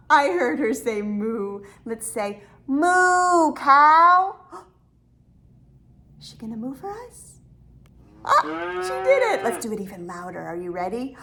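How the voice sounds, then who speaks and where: A woman speech therapist leading a toddler language lesson, talking in a sing-song voice with exaggerated gasps and drawn-out words. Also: on the high side, a bit bright. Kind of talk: toddler speech lesson over an app game.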